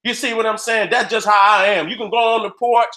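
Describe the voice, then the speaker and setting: A man's voice: sits high, steady tone, fairly quick, sharp tone. A man hosting his own video, delivering a heated, profane rant in streetwise slang and acting out little dialogues as he goes. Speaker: video host. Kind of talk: profane ranting commentary.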